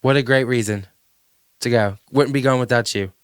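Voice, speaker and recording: A man with a Southern US accent hosting a podcast, chatting in an animated, playful way with frequent laughter. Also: mid-range voice, normal speed, clean tone, no echo. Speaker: podcast host. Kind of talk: casual chat.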